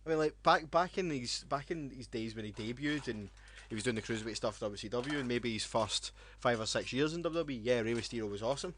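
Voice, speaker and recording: A man's voice: medium pitch, quick pace, fairly bright tone, slight background noise. A young Scottish man co-hosting a podcast who talks bluntly, swears freely and laughs often. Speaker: podcast co-host. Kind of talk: casual wrestling banter.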